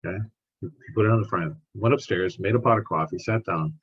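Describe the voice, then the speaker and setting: A man, a scientist guest on a podcast, telling stories in an animated way and often repeating words. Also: sits low, fast, husky, muffled recording. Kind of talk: storytelling in conversation.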